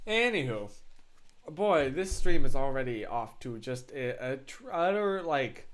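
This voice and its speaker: A young man with a hoarse, raspy throat, chatting casually on a live stream in a rambling, self-mocking way. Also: mid-range voice, a bit bright.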